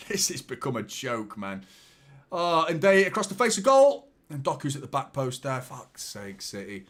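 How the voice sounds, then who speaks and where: Sweary football fan commentating a live match. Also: male voice, fairly high pitch, moderate pace. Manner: swearing, exasperated, animated fan chatter. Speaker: fan watchalong host.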